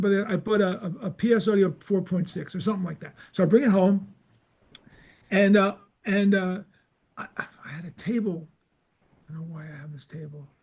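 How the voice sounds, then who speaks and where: An older man hosting a podcast, telling a long story in a casual, animated way and acting out the people in it. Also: high voice. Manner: animated anecdotes, acts out dialogue. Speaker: podcast host.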